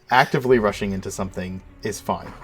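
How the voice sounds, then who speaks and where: A man's voice: on the low side, brisk, over music. A man running a tabletop game as dungeon master, talking casually and easygoing, with fillers. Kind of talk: casual live-stream game talk.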